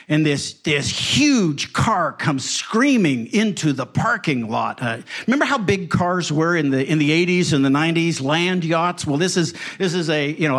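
Folksy storytelling male pastor. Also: a little high. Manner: folksy, animated storytelling with wry asides. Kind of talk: storytelling sermon.

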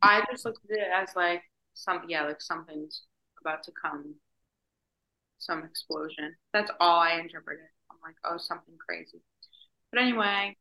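A young woman co-hosting a podcast, rambling casually with lots of "like" and animated storytelling. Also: on the low side, moderate pace, rough recording. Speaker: podcast co-host. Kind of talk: casual chat.

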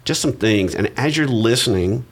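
A man's voice: mid-range voice, normal speed. A middle-aged man hosting a podcast, chatting casually and joking at his own expense. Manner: relaxed, self-deprecating, chatty. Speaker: podcast host.

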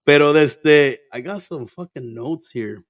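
A man's voice: fairly high pitch, a little slow, no room sound. A man telling stories in casual chat as a podcast host, laid-back and profane, laughing often and mixing Spanish into his English.

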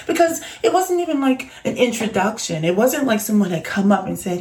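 A woman's voice: on the high side, moderate pace. A young woman casually telling an exasperated workplace story to her channel, acting out the voices of the people in it. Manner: animated, exasperated, acts out quoted voices.

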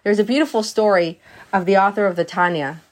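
A woman's voice: medium pitch, a little fast. A woman giving a Torah lesson. She reads Hebrew passages aloud, translates them line by line, and explains them with stories and questions. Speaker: Torah teacher.

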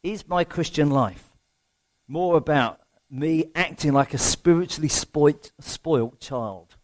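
A man's voice: a little high, animated, normal speed, a little mellow. A man preaching a sermon in a conversational way, asking rhetorical questions and poking fun at himself. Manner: rhetorical questions, self-deprecating humour.

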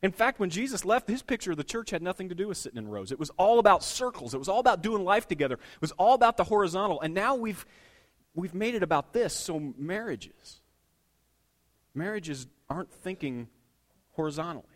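A middle-aged male pastor delivering a sermon in a fairly high voice. He preaches in an animated, storytelling way, dropping to a hush and then rising to loud, emphatic lines. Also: brisk. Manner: animated storytelling with wide swings between hushed and loud.

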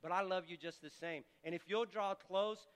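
A man speaking as a gentle, loving God. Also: high-pitched, normal speed, smooth, big-room sound. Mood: tender. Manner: soft, tender, reassuring.

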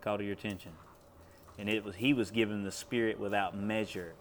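Here a preacher's low, fairly even voice runs a little fast against a faint hiss or hum. Giving a testimony during a sermon, he tells the story plainly in a drawl and rises to loud commands.

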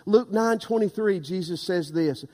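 High-voiced preacher in an echoing hall. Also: male voice, moderate pace. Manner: impassioned, rising to loud emphatic preaching. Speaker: pastor. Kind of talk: sermon.

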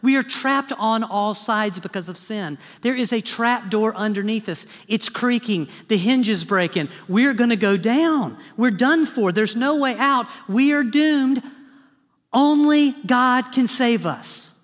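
A man, a pastor, preaching a sermon in an animated, dramatic style with humorous asides, recorded in a church sanctuary. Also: extremely high pitch, measured pace, in a large hall.

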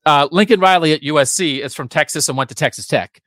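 A man's voice: fairly high pitch, fast, fairly bright tone, dry recording, clean studio sound. A man co-hosting a sports podcast, giving emphatic, opinionated talk with sarcastic asides.

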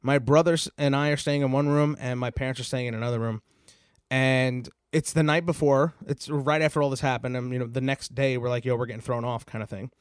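A man's voice: mid-range voice, steady tone, brisk, clear, resonant tone, no room sound, clean studio sound. Rambling young man telling a story. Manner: rambling, filler-heavy, swears freely. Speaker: podcast host. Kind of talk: casual storytelling.

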